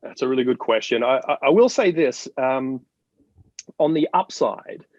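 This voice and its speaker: A man's voice: medium pitch, moderate pace, no echo. Guy from australia chatting in an interview, lots of restarts, kinda dull dry audio. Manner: animated, storytelling with many restarts. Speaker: marketing guest. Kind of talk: interview conversation.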